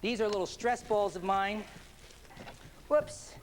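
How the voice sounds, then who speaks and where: A man performing as a stage hypnotist, moving from upbeat showman banter to slow, soothing hypnotic suggestions on stage. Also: high-pitched, a little hiss or hum. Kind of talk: live hypnosis stage show. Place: stage before a live audience. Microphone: handheld microphone. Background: audience laughter and applause.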